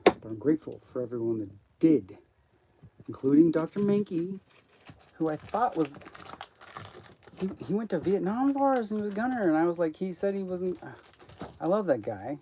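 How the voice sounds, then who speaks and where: A man's voice: a little high, very animated, normal speed, long pauses, dark tone, slight background noise, poor audio. A man talking on a live stream in a rambling, profane monologue that jumps from topic to topic.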